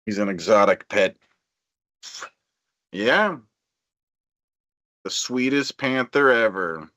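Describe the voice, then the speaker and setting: A man's voice: fairly low pitch, animated, takes it slowly, pauses often, bright, forceful tone, dry recording, clean studio sound. A man rambling on a livestream, drowsy and meandering, trailing off while drinking beer. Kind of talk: rambling stream chat.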